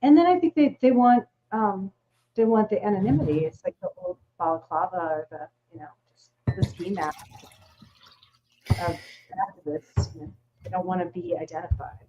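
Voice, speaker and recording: A woman's voice: on the low side, moderate pace, background noise. Wry woman guest on muffled remote audio. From United States. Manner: wry, laughing, deadpan asides. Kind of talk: casual conversation.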